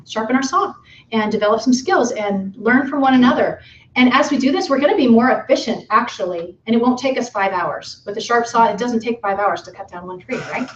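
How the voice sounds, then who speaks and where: A woman's voice: a little high, distant mic, a little hiss or hum. A woman giving an informal, chatty conference talk to instructors, with frequent fillers. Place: conference session room. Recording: dull echoey room from afar.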